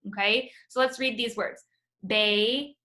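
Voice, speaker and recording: A woman teaching a phonics lesson over a video call, slowly sounding out words for her students. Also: on the high side, steady tone, sharp tone. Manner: patient, drawn-out sounding of words.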